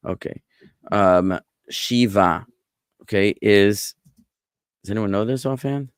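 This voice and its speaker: A man, a rabbi, giving a relaxed online class on Biblical Hebrew, explaining words patiently and wandering off into asides. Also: lowish voice, takes it slowly, smooth, dry recording, studio quality. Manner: relaxed, explanatory, digressive with fillers.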